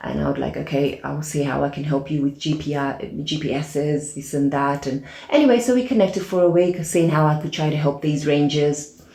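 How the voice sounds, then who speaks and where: A woman's voice: low-pitched, moderate pace, gravelly, mellow. A woman, a podcast guest, telling a personal story in a casual interview. She talks with many fillers and acts out the dialogue she quotes. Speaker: podcast guest, aid organization founder. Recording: roomy echo.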